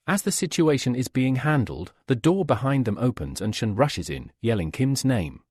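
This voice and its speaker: Brief: male recap narrator, husky, dry close sound, very lively pitch. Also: moderate pace, few pauses, dry recording. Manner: steady storytelling, reads all quotes. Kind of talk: scripted narration.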